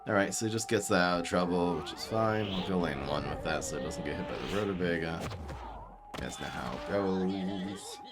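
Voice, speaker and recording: A man with a light New York-tinged East Coast accent, streaming a card game and thinking aloud in excitable, laughing commentary. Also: deep voice, normal speed, over music.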